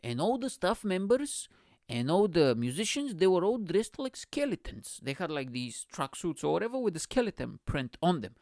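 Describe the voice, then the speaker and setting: A man's voice: high-pitched, big pitch swings, moderate pace, a little mellow, dry recording, studio quality. A man hosting his own podcast, telling a crude, self-mocking comic story. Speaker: podcast host.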